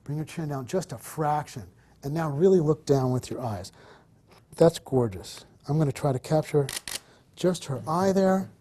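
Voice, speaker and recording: A man's voice: on the high side, lively intonation, moderate pace, dark tone. A man teaching wedding photography on location, directing his subject and explaining to viewers as he moves around a hotel. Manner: coaching, encouraging, talks to camera and subject by turns. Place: hotel interior, on the move.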